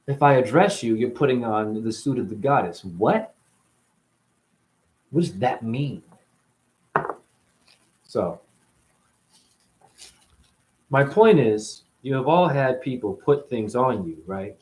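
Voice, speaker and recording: A man's voice: mid-range voice, lively intonation, takes it slowly, pauses often, a little mellow, reverberant. A man hosting a spiritual talk show, rambling through a monologue full of rhetorical questions and playful asides.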